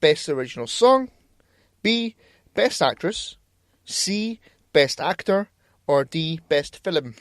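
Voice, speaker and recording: Exasperated swearing man, slightly high voice. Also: lively intonation, slow pace, long pauses, fairly bright tone, no echo, clean studio sound. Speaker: podcast co-host. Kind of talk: casual chat. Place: small home studio shed.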